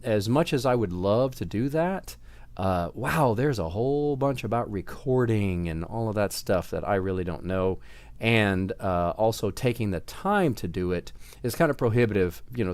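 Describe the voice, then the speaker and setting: A man who writes fantasy novels, vlogging in a relaxed, chatty way with many fillers and a slight Southern US accent. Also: fairly low pitch, dry recording. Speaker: author vlogging about his books. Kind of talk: casual vlog talk.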